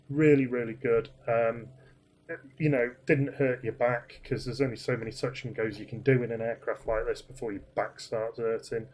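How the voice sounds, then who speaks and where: A man's voice: mid-range voice, darkish tone. Rambling man telling a story. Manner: rambling, self-deprecating, many fillers and restarts. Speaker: flight sim streamer. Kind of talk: casual anecdote.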